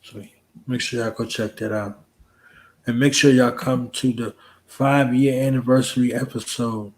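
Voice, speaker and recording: A man's voice: mid-range voice, steady tone, a little slow, a little mellow, poor audio. A man hosting a casual late-night livestream chat, joking around in a playful, laid-back way. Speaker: host.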